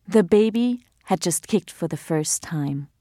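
A woman with a fairly low voice reads a novel aloud in a measured, even way. She is recorded close on a studio mic. The sound is dry, with no room echo. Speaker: audiobook narrator. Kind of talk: scripted narration.

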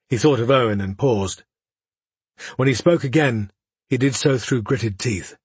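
A man narrating a fantasy novel in a measured, even storytelling voice. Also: medium pitch, husky, dry recording. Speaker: audiobook narrator. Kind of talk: scripted narration.

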